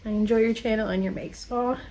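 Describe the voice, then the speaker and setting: A woman's voice: a little high, steady tone, quick pace, a little mellow. Giggly, emotional woman. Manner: emotional and giggly, gushing thanks. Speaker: crafting channel host. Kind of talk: casual chat while opening mail.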